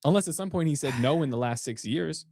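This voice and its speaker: A man's voice: a little high, animated, a little mellow, no echo, clean studio sound. A man co-hosting a podcast in casual chat, joking and speculative. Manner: joking, speculative, quick to laugh. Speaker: podcast co-host.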